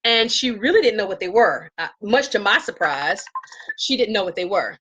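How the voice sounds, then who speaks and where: Animated woman telling a story live. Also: normal speed, breathy edge, rough recording. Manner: animated, acts out quotes in a high voice. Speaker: live-stream vlogger. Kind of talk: casual storytelling to live viewers. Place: home with herbs around.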